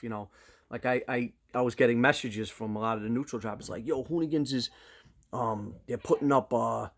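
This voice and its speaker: A man, chatting casually to camera as a vlogger and telling stories in an animated way. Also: medium pitch. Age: 50s. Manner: animated storyteller, slips into loud quoted voices.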